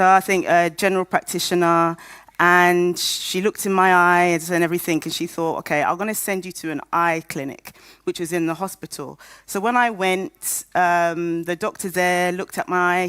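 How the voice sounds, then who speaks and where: A woman's voice: fairly low pitch, steady tone, normal speed, fairly bright tone, smooth, dry recording. A woman in her thirties telling her personal story to a conference audience, candid and humorous, acting out the voices of people she quotes. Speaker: patient speaker at a conference. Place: conference stage.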